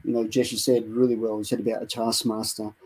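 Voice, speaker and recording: A middle-aged man co-hosting a Christian show, preaching with dramatic retellings that build to loud exhortations. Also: on the low side, level tone, fairly quick, slightly rough, low-quality recording. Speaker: co-host of a Christian online show. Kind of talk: impassioned preaching and storytelling.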